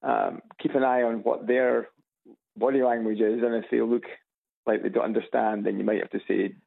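A man's voice: mid-range voice, level tone, fairly quick, gravelly. A man with a Scottish accent calling in to a radio show, talking plainly with fillers. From Scotland. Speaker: caller. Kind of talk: radio phone-in call. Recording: phone line on loudspeaker.

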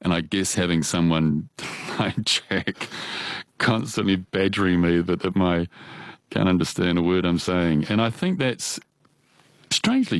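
A man with a New Zealand accent, an opera singer, telling stories from his early life in a relaxed, chatty way with frequent laughs. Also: sits low, dry recording. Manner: chatty, laughs often, animated quoting. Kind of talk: relaxed storytelling.

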